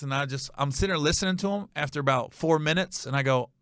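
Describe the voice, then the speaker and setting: A comedian telling a comic story on his podcast in an animated, wry, profane way. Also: a little high, fast talker, few pauses, clean tone, no room sound, studio quality.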